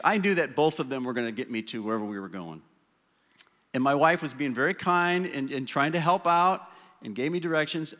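Man telling a sermon story in a reverberant hall. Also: medium pitch. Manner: storytelling, self-deprecating, slows and softens for the lesson. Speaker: church speaker sharing a story. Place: church hall.

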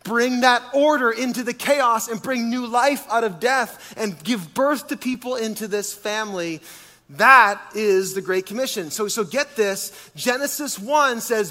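Male pastor, high pitch, animated sermon delivery, long reverb of a big room. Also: measured pace. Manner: animated, with rhetorical questions to the congregation.

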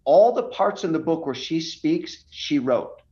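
A man's voice: a little high, animated, measured pace, dark tone. Pastor guy being all emphatic, kinda muffled call audio. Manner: emphatic, preacherly. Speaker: pastor and author guest. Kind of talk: podcast interview. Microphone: video call.

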